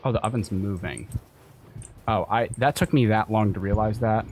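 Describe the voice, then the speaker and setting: Over game music and slight background noise, a young male streamer talks at a normal speed in a fairly low, slightly mellow voice. His horror-game commentary swings from mumbling under his breath to panicked shrieking and swearing.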